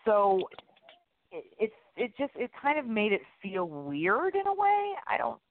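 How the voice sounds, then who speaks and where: A man co-hosting a casual TV review podcast, rambling and animated, often dropping into silly accents. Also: high-pitched, a little slow, a little hiss or hum. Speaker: podcast co-host. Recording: tinny phone-like audio.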